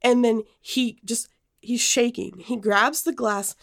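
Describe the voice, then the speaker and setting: A woman's voice: on the high side, slow. A young woman co-hosting a podcast, telling a personal story in casual chat, full of fillers and restarts. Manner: animated storytelling with many fillers. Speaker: podcast co-host.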